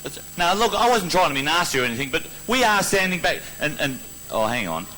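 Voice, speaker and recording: A man's voice: a little high, very animated, fairly quick, bright, forceful tone, slight background noise, poor audio. A man on a ballroom stage, protesting and stammering with embarrassment during live comedy banter. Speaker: guest performer.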